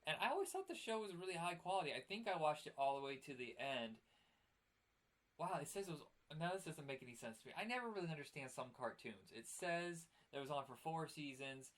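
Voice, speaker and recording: A man's voice: fairly high pitch, big pitch swings, fast, fairly bright tone. A man co-hosting a casual chat about old cartoons, rambling with fillers and laughing often. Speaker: podcast co-host.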